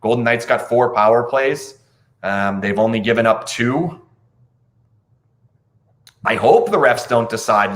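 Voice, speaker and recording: A man talking hockey in a loose, unscripted style. He is blunt and animated, swears now and then, and sounds incredulous as he picks apart the game. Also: mid-range voice, a little slow, long pauses. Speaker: hockey podcast host. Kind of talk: casual post-game analysis.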